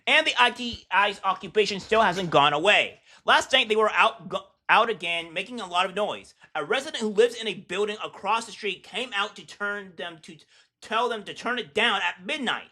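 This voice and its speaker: Man, bright voice, sneering political commentary, lots of uh and um. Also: sits high. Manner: scornful, mocking, halting with fillers. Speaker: commentary host.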